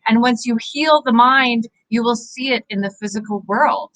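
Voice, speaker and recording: A Canadian woman, a psychic medium, giving an earnest, encouraging inspirational talk to viewers, animated and full of fillers. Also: on the high side, moderate pace, poor audio. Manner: animated, gestures with her hands. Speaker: psychic medium hosting live angel readings.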